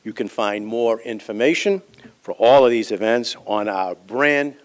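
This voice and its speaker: Low-voiced man hosting a breakfast forum. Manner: measured, with frequent fillers. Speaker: event host. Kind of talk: formal event announcements.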